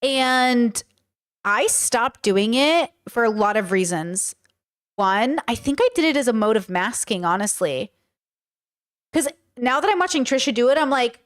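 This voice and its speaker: A woman with a Californian accent giving chatty, self-reflective reaction commentary. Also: high-pitched. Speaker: host reacting to a clip.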